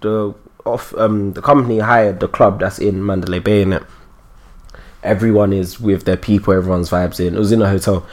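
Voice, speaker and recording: A man's voice: lowish voice, steady tone, brisk. A man, chatting casually in slangy, exasperated storytelling. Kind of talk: casual chat.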